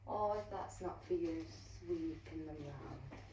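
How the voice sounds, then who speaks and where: A woman teaching an online yoga class, giving slow, soothing cues and now and then dropping into a soft whisper. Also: low-pitched, noisy background. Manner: soothing, unhurried cueing with soft drawn-out words. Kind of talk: guided yoga class instruction. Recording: distant, roomy, dull and lo-fi.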